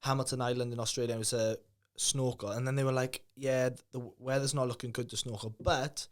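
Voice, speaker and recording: A man hosting a podcast as a mindset coach, chatting casually and telling lively stories, acting out quotes and swearing freely. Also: medium pitch, fairly quick. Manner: animated storyteller, swears freely, acts out quotes. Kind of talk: casual chat, storytelling.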